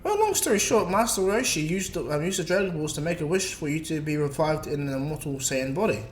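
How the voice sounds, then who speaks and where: A man's voice: fairly high pitch, lively intonation, fast talker, slight background noise, lightly acted, rough recording. A man voicing a chatty young female inventor, breezy and matter-of-fact.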